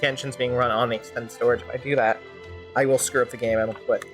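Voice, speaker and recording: A woman's voice: extremely low pitch, fairly even intonation, quick pace, faint music behind. A woman streamer giving casual, joking commentary while playing and fan-dubbing a game. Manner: joking, rambling asides.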